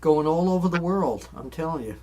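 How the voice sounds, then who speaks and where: A man's voice: fairly high pitch, expressive, brisk, a little mellow. A man hosting a casual chat, talking in a chatty way and stretching his sentences out with fillers. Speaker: host.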